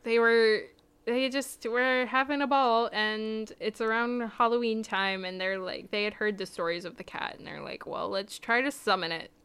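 A woman hosting a podcast, telling a spooky story in a casual, chatty way that sometimes drops to a hushed tone. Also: on the high side, fairly even intonation, normal speed, smooth. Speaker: podcast host.

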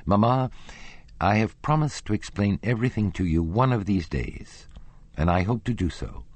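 Give me a haughty young woman singer, as a male narrator puts her on, lively and raised in pitch. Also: normal speed, no room sound. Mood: pleading.

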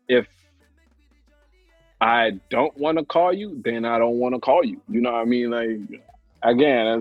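A man's voice: medium pitch, dry recording, lo-fi sound. A man in casual podcast chat, laid-back, laughing often and talking with lots of fillers.

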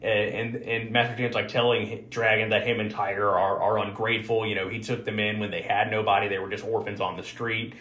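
A man's voice: on the low side, flat delivery, fairly quick, hardly any pauses, a bit bright. A man hosting a podcast, casually recapping a film with lots of fillers and restarts. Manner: rambling, many fillers and restarts. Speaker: podcast host. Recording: roomy echo.

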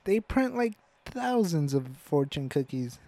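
A man's voice: a little high, sing-song, measured pace, dark tone. A young man co-hosting a casual podcast, laid-back and skeptical, laughing often. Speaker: podcast co-host. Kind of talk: casual chat.

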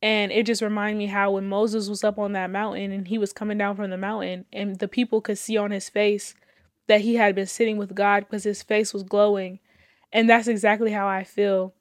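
A woman's voice: medium pitch, level tone, moderate pace, dry recording, studio quality. A woman telling her personal faith testimony with fervor, repeating phrases, laughing between lines and holding back tears. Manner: casual, addresses listeners as y'all.

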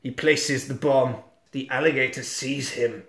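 On a podcast, a man casually recaps a monster film, acting out quotes and sound effects and swearing plenty as an animated storyteller. His medium-pitched voice has vocal fry and a measured pace, and the sound is reverberant.

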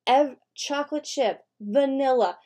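Animated woman telling a story. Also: high voice, a little slow. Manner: animated, profane, acts out voices in anecdotes. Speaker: podcast co-host. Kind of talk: casual storytelling chat.

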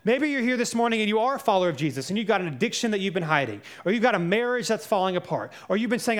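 A man's voice: high voice, expressive, quick pace, few pauses. A young male pastor preaching a sermon in a conversational way, telling personal stories.

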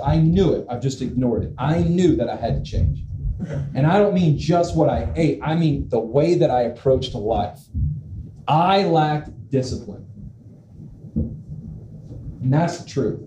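A man in his forties preaching a humorous sermon as pastor, animated and self-mocking, with comic asides. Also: mid-range voice. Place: church sanctuary. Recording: echoey church hall with room noise.

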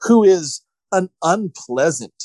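A man's voice: high voice, expressive, slow, darkish tone, no echo. A man co-hosting a casual podcast, ranting in exasperation as he retells a film and mocks its scenes. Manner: exasperated, ranting retelling with mocking quoted voices. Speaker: podcast co-host.

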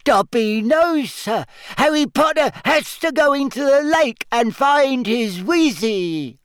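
Squeaky, eager male house elf with broken grammar; very high, lively storybook voice. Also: slow, smooth, dry recording, heavily acted. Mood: urgent.

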